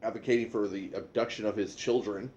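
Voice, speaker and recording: A middle-aged man co-hosting a talk show, speaking in a measured way with some stumbles as he gives his opinions. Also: lowish voice, steady tone, darkish tone, lo-fi sound. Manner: measured, hesitant, repeats words. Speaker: co-host. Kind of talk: casual political chat.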